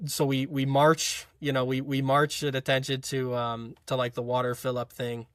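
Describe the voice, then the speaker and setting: A young college football player telling a story in a casual interview, rambling with frequent fillers and restarts. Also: male voice, mid-range voice, flat delivery, moderate pace, hardly any pauses, a bit bright, smooth, no room sound, clean studio sound. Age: young adult.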